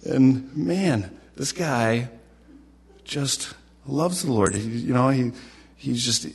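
A man's voice: medium pitch, animated, takes it slowly, gravelly, husky. A man preaching a casual, conversational sermon, often repeating himself and restarting his phrases. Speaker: pastor.

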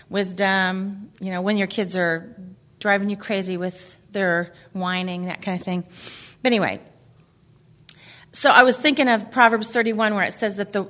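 Bright, chatty woman giving a faith talk. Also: mid-range voice. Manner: chatty, laughing often, reading quotes aloud. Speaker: women's ministry speaker. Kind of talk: casual faith talk to a group.

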